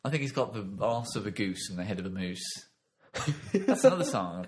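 A man's voice: fairly low pitch, big pitch swings, normal speed. A man in casual comedic chat, playful and theatrical, often breaking into mock outrage.

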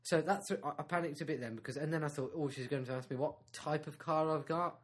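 A man's voice: a little high, fast. A man co-hosting a comedy chat, telling a hesitant, rambling anecdote, repeating himself. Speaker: comedy podcast co-host.

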